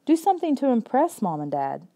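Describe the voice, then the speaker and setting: A woman's voice: on the high side, sing-song, a little fast, mellow, pitched above the performer's own voice. A woman voicing a bossy girl who scolds her brother in a storybook reading. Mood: scolding. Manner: bossy, lecturing. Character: scolding girl, the narrator's sister.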